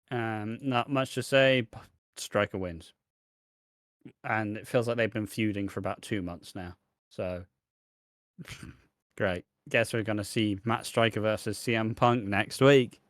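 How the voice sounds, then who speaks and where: A man's voice: lowish voice, fairly even intonation, slow, long pauses, fairly bright tone, no echo. A man co-hosting a wrestling podcast, laid-back and dry, dropping swear words into match rundowns. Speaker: podcast co-host. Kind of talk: casual chat.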